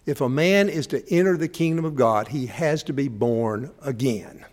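A man voicing a calm male spiritual teacher who speaks plainly and directly. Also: mid-range voice, moderate pace, lightly acted. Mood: earnest.

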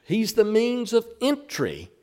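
Slow, lively high-voiced male preacher. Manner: emphatic, slows down to stress key words. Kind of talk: sermon.

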